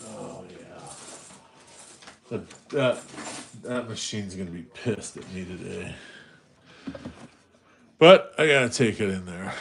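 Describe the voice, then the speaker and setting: A man's voice: mid-range voice, a little slow, pauses often. A man from Los Angeles, host of a coin roll hunting livestream, casually telling a rambling story and answering chat, restarting his sentences as he goes.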